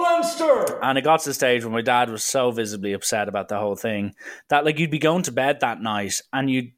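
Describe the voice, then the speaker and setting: A man's voice: mid-range voice, fairly bright tone. Chatty male podcaster, loose and rambling in his anecdotes. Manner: rambling and chatty, with fillers and slang. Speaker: solo podcast host. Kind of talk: casual storytelling monologue.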